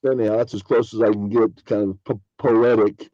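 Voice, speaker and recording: A man's voice: on the low side, little pitch movement, fairly quick, warm tone, no room sound, muffled recording. A man hosting a podcast, rambling through a casual spiritual monologue and acting out imagined dialogues in a raised voice. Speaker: podcast host.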